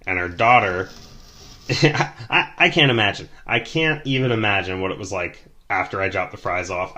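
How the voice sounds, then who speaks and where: A young man hosting a storytelling podcast, telling a tale in a chatty, animated way with many fillers. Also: lowish voice. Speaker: podcast host, rideshare driver.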